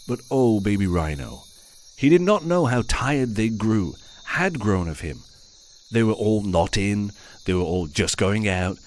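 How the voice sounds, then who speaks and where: A man's voice: fairly low pitch, a little hiss or hum. A man performing a short story aloud, with theatrical, old-fashioned inverted phrasing. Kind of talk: scripted story narration.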